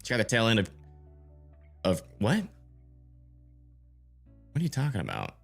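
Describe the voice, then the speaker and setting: With faint music behind him, a livestream storm tracker talks at a moderate pace in a lowish voice full of vocal fry and huge pitch swings. He checks radar, thinks out loud, and responds to viewer chat.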